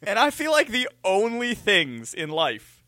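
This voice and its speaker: A man's voice: high voice, measured pace, no room sound. Dry-witted man teasing on radio. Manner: dry, teasing, deadpan storytelling. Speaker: radio co-host. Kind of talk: casual radio banter.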